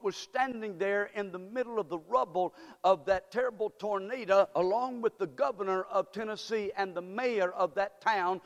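A man preaching a fervent sermon, rising to shouts and leading his congregation in call-and-response. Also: sits high, long reverb tail. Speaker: pastor.

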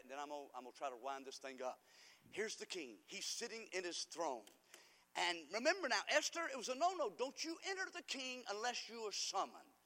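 Guy preaching in church, fervent, goes from quiet to loud, bright voice, big hall echo. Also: high voice. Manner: fervent, swings from quiet asides to loud cries. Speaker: pastor. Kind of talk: sermon. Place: church sanctuary. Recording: long hall reverb.

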